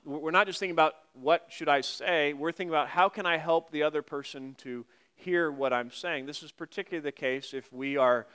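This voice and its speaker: A man preaching a conversational sermon, reading scripture slowly and adding wry asides to his listeners. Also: a little high, sharp tone, clear, resonant tone. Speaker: pastor.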